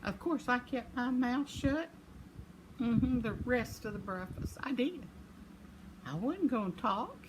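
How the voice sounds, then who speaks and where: A woman's voice: fairly high pitch, expressive, takes it slowly. An older woman, casually telling a rambling story with self-deprecating chuckles. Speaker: vlogger. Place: home. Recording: noisy home recording.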